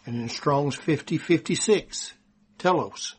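A man from Texas with a Texan accent, preaching a sermon and reading scripture aloud slowly and deliberately. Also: on the high side, breathy edge.

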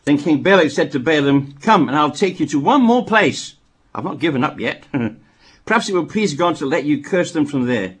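Man, husky voice, fairly high, lively pitch, reads Bible passages, wry asides. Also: moderate pace. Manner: reads scripture aloud, breaks off for wry asides. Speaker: Bible teacher. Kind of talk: Bible reading with commentary.

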